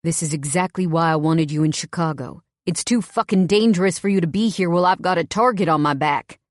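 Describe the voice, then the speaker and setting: A woman narrator takes on a gruff young man in a storybook romance, growling short, blunt warnings. The voice sits low and dry, close to the mic. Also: a little fast, dry recording, lightly acted. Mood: angry, stern. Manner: growling, curt.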